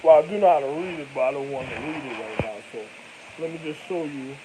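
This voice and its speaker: A man's voice: a little high, quick pace, background noise. A man telling rambling stories to camera in loose slang, laughing often as he goes. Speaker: vlogger. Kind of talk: casual storytelling to camera.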